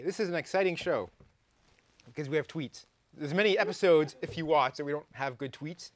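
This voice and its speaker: A man's voice: fairly high pitch, brisk, no room sound. A young adult man with a Canadian accent, hosting a live comedy talk show and playfully reading viewer tweets aloud. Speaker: host.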